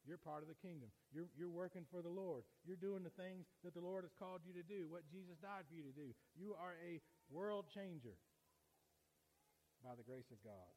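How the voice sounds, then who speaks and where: A man's voice: a little high, moderate pace, rough recording. Folksy preacher man. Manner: folksy, says y'all, swings from quiet to loud. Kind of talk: sermon.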